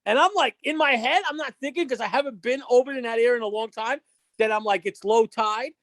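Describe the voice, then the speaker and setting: A woman appearing as a podcast guest tells a story fast, her voice on the high side and recorded with no echo. She's animated, swears heavily, and acts out every line of dialogue.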